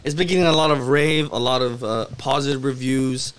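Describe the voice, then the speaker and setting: A man's voice: mid-range voice, brisk, fairly bright tone, a little hiss or hum. A young man co-hosting a casual podcast with friends, joking, swearing and trailing off mid-sentence. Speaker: podcast co-host. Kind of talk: casual banter among friends.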